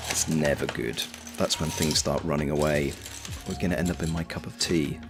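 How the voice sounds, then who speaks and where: A man's voice: rumbling low, fairly even intonation, normal speed. A man hosting a casual livestream, chatting and reading viewer messages aloud. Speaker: livestream host. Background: soft lo-fi background music.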